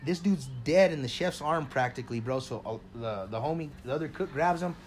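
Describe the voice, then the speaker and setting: A man's voice: fairly high pitch, brisk. A man co-hosting a podcast, telling a story in casual, profane chat and calling everyone bro. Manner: profane, says bro constantly; excited, loud storytelling. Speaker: podcast co-host. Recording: faint background noise.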